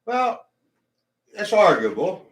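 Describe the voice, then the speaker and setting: A man's voice: high voice, big pitch swings, slow. A man teaching a drum lesson, talking between demonstrations and counting beats aloud. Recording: echoey room, mic far off, loud drums.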